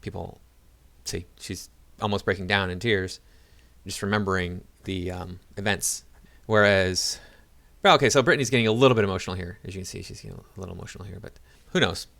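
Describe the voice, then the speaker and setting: Guy with a lowish voice doing a rambly reaction video, lots of um and like. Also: steady tone, brisk, creaky, fairly bright tone. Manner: rambling, talks to viewers, many fillers and restarts. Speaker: video commentator. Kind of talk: casual reaction commentary.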